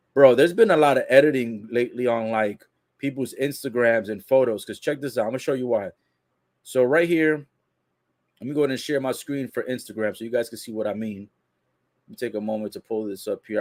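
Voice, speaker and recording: A man giving a casual, excitable wrestling recap in slangy talk, retelling what others said. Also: mid-range voice, brisk, no echo, studio quality. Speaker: wrestling commentary vlogger. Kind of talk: casual live commentary recap.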